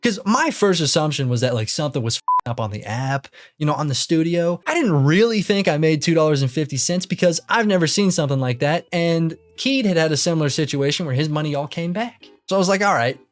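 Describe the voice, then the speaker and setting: Animated, ranting young man. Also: on the high side, fairly quick, hardly any pauses, faint music behind. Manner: exasperated, swears freely, repeats himself. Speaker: YouTuber. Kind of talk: ranting commentary.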